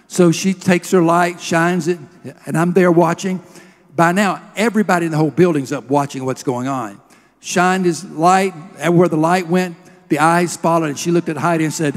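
A man's voice: fairly high pitch, steady tone, normal speed. A man preaching a sermon, telling a healing story with emotion and leading a prayer. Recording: long hall reverb.

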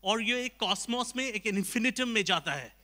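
Man playing a rambling scientist, hushed, rushed, earnest, stand-up bit. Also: high-pitched, animated. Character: rambling male scientist explaining physics.

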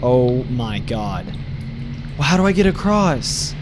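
A young man losing his voice, panicking, yelling and cursing while commentating on a horror game. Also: medium pitch, big pitch swings, slow, noisy background. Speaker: gaming let's play host.

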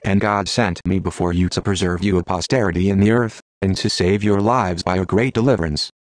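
Text-to-speech male voice, low pitch, dry close sound, scripture reading, measured clause-by-clause phrasing. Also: no echo. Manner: steady, measured phrasing with a pause at every clause. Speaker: scripture reader.

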